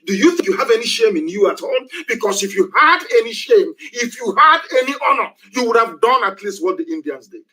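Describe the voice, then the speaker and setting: A man's voice: high-pitched, animated, brisk, hardly any pauses, sharp tone, breathy edge, poor audio. A man giving an impassioned political broadcast, preachy and full of repeated rhetorical questions. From Nigeria.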